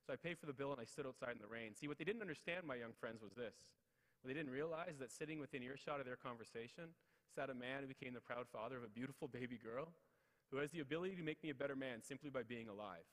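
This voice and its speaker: A man's voice: mid-range voice, fast, fairly bright tone. A man in his thirties giving a motivational speech, telling personal stories with repeated refrains and acted-out quotes. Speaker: keynote speaker. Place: large ceremonial hall at city hall. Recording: long hall reverb.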